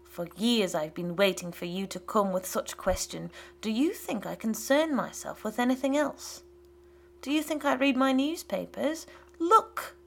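A woman voicing a bitter, domineering old father who mocks and rants in loud outbursts. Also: fairly high pitch, animated, unhurried, creaky, slight background noise. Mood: ranting. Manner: mocking and ranting, loud outbursts.

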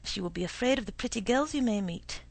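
A woman voicing a sly old male potion seller who speaks slowly and suavely, with a husky, gravelly voice. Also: a little high, animated. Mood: knowing. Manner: slow, suave, insinuating.

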